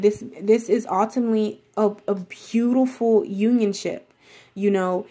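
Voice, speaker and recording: A woman's voice: medium pitch, measured pace, warm tone. A woman giving a casual tarot reading, talking straight to the viewer in a rambling, reassuring way full of filler words. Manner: addresses viewer directly and reassuringly. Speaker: tarot reader.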